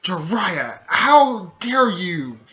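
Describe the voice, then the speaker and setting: A man's voice: high-pitched, very animated, a little slow, bright, forceful tone, voice pushed up, heavily acted. A man voicing a brash, hot-tempered woman ninja leader who talks bluntly and swears, in a dull lo-fi recording. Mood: angry.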